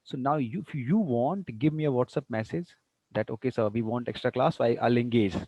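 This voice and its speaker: A man teaching a class online through a computer mic, unhurried, often repeating words as he plans what to say. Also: medium pitch, warm tone, no echo. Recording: dull lo-fi sound.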